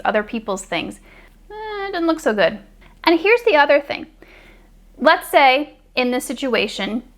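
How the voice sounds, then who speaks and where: A woman relationship coach talking straight to camera, calmly explaining, now and then acting out example lines. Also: on the high side. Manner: calm, explanatory, acts out example dialogue. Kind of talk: direct-to-camera advice talk.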